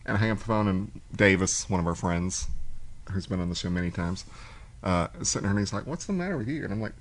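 Low-voiced man telling a story. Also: fast talker. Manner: animated storyteller, acts out quoted voices. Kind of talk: casual storytelling chat. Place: cigar shop.

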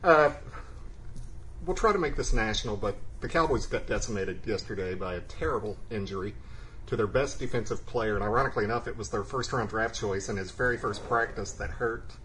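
A man's voice: lowish voice, fairly quick, fairly bright tone, a little hiss or hum, low-quality recording. A man co-hosting a casual podcast, chatting about cigars and sports in an easygoing way, often laughing and trailing off with fillers. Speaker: podcast co-host.

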